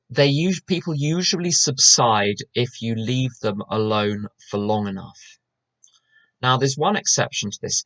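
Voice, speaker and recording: A man's voice: medium pitch, a bit bright, no room sound. A British man giving a conversational recovery talk, wry and chatty, full of asides and restarts, over slightly dull online call audio. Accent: British English. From England. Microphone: online call microphone.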